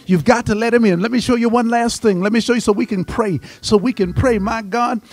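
A man pastor preaching an impassioned, emphatic sermon in a church, his voice swelling to shouts. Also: very high-pitched, a little fast, dry recording, soft background music. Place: church sanctuary.

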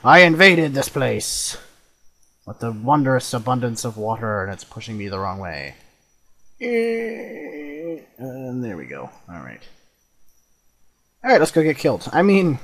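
A young man casually commenting on his own gameplay, chatty and quick to swear and exclaim. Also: lowish voice. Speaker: let's play host.

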